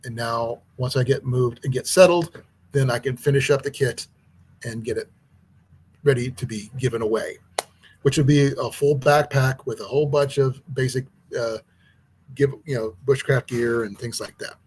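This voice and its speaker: A man hosting an outdoors channel who teaches archery, talking in a casual, rambling livestream chat with a hoarse, husky voice. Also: mid-range voice, moderate pace, a little mellow, a little hiss or hum. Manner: rambling, chatty, with many restarts.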